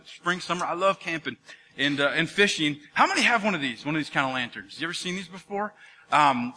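A man's voice: sits high, bright, forceful tone, long reverb tail. A man preaching a sermon as pastor, telling playful jokey stories and calling out to the congregation in a church. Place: church sanctuary.

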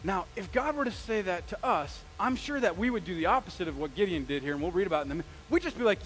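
A man preaching a sermon as pastor, conversational and animated, asking the congregation questions and dropping into casual slang. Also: high-pitched, fast, hardly any pauses, slightly rough, low-quality recording. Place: church sanctuary.

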